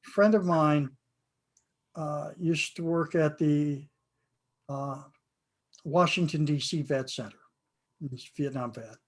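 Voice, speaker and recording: A man's voice: on the high side, slow pace, pauses often. An older American man, a game author, giving an earnest, reflective interview and often repeating himself. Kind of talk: conversational interview.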